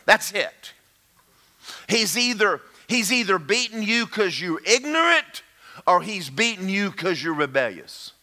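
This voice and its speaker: A man's voice: sits high, unhurried. A man preaching a sermon, emphatic and calling out to the congregation. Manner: animated, emphatic, calls out to the congregation. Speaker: pastor.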